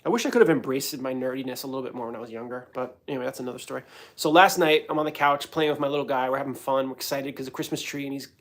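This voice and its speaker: A man from New York rambles through a casual livestream chat. His voice is gravelly and creaky, and his pitch sits in a middle range. He talks in a hyper, self-mocking way, jumping from one thought to the next. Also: fairly even intonation, racing. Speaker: host.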